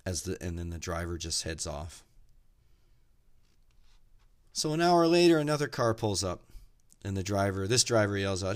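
Deep-voiced man giving a motivational talk. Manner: measured and earnest, slows for emphasis, tells stories. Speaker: podcast speaker.

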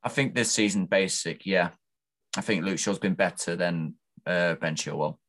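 Relaxed male guest, low-ish voice, plain conversational delivery. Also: moderate pace. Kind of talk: casual chat.

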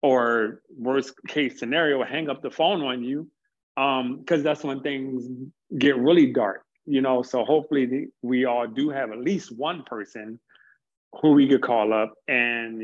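An earnest man, the interview guest, works through his thoughts at length, sometimes tripping over a word before pressing on. His voice sits at a medium pitch, and the recording has a muffled, lo-fi quality. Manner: earnest, stumbles on words, builds points slowly. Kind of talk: reflective conversation.

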